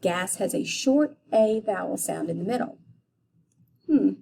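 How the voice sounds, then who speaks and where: Slow, lively-voiced woman teaching phonics. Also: mid-range voice, vocal fry, breathy edge. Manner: slow, deliberate, sounding out letters and syllables. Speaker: elementary school teacher. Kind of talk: phonics lesson for young children.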